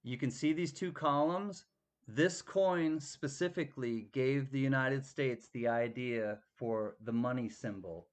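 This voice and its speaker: A man's voice: mid-range voice, measured pace. A man running a live-stream coin auction, chatty and thanking bidders by name.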